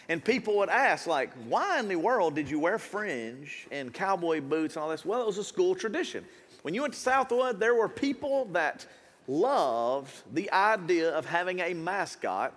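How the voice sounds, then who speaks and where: Animated pastor. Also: male voice, on the high side. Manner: animated, jokey, hypes the crowd. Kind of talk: lively sermon. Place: church auditorium.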